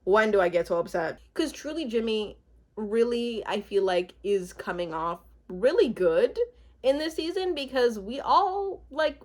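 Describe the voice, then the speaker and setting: A woman's voice: fairly high pitch, a little slow. A woman giving a casual, chatty recap of a reality show, laughing often as she talks. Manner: chatty, giggly and expressive, with frequent laughs. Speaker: TV recap vlogger.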